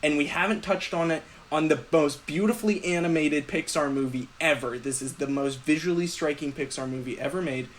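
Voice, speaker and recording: Blunt, profane man with a higher voice. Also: brisk, hardly any pauses, a little hiss or hum. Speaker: podcast co-host. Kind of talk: casual film debate.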